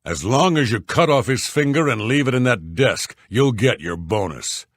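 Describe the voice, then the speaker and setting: Gruff game warriors and townsfolk. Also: male voice, medium pitch, lively intonation, normal speed, a bit bright, dry recording. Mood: scornful. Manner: gruff, blunt, scornful. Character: rough male Nord warriors, guards, sailors, townsfolk. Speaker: video game voice actor. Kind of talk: video game character dialogue.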